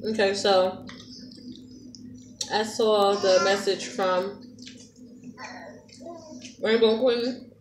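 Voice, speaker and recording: A woman hosting a mukbang, chatting casually and slowly with slang while she eats. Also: medium pitch. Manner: relaxed, drawn-out casual talk with slang. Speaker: mukbang host. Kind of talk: casual chat while eating. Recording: echoey room, mic far off, noisy.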